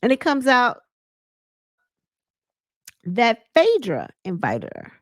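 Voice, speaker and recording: A woman casually recapping a reality show, chatty and animated, retelling scenes with laughs and dramatic asides. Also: on the high side, takes it slowly, dry recording, studio quality.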